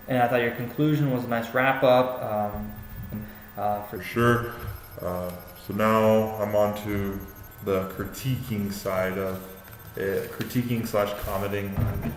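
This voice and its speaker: Hesitant young man in an echoey room. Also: fairly low pitch. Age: young adult. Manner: hesitant, many fillers and restarts. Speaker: student giving peer feedback. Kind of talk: casual spoken critique of a paper. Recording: echoey room with faint ambient noise.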